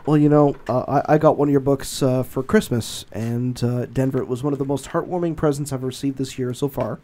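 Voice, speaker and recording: Mellow-voiced podcast host, rambling. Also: male voice, mid-range voice, steady tone, fairly quick, slight background noise. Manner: rambling, swears freely, many restarts. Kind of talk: casual podcast chat.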